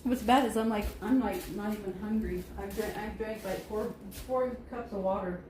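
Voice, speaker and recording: A woman's voice: mid-range voice, normal speed, noisy background. A woman chatting casually on a livestream from her living room, talking to her dogs and laughing often. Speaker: livestream host. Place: living room being painted, indoors.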